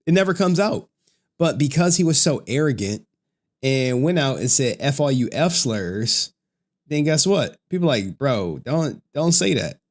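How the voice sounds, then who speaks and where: A man's voice: mid-range voice, very animated, normal speed. A man ranting on a livestream in crude slang, laughing often. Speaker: streamer commentator. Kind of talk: casual livestream rant.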